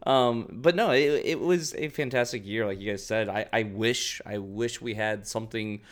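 Earnest low-voiced podcast co-host. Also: male voice, normal speed. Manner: earnest, conversational, with stammered restarts. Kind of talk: casual chat.

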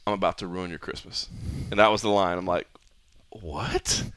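A man hosting a casual podcast, telling animated stories and acting out what others said. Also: low-pitched, fast, smooth, no room sound. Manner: animated storyteller, acts out others' lines. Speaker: podcast host.

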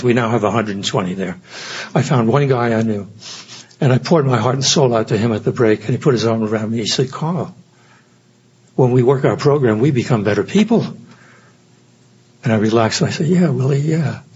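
A man's voice: mid-range voice, a little fast, darkish tone, muffled recording. An older man giving an earnest, reflective personal talk at a recovery meeting. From United States. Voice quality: very husky.

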